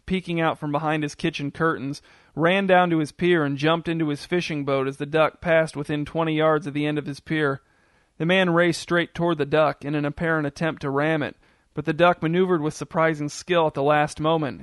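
A man reading a story aloud as narrator, in a steady, descriptive storytelling manner. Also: on the high side, clear, resonant tone, no echo, studio quality.

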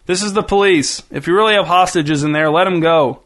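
Guy doing an annoyed cop yelling through a bullhorn. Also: high voice, a little fast, voice pushed up. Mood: exasperated. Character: weary small-town male cop.

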